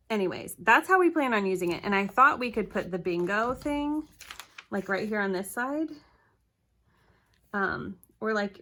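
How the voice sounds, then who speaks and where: A young woman talks straight to the camera set on her table at home. Her voice is bright and forward, and her talk is chatty and scattered, full of quick corrections. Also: medium pitch. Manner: chatty, flustered, rambling with self-corrections. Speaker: planner vlogger.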